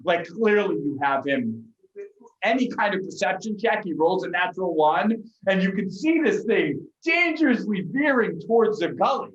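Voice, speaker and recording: A man narrating a tabletop game as game master, with lively delivery and frequent restarts. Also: high voice, moderate pace, reverberant, highs cut off.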